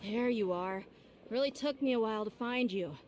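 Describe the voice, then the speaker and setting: A woman's voice: on the high side, moderate pace, a little mellow, a little hiss or hum, lightly acted. An actress voicing a confident young swordswoman and mercenary in a video game, who speaks bluntly. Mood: steady. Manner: blunt and self-assured. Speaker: professional fighter.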